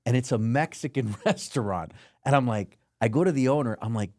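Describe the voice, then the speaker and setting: A man's voice: medium pitch, brisk, few pauses, dry recording, studio quality. A man hosting a casual podcast interview, telling stories with acted-out voices. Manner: animated storytelling, acts out voices. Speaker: podcast host.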